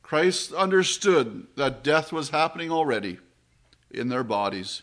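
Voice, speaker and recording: A man preaching a sermon in a slow, measured way, his voice dropping low and soft on solemn phrases.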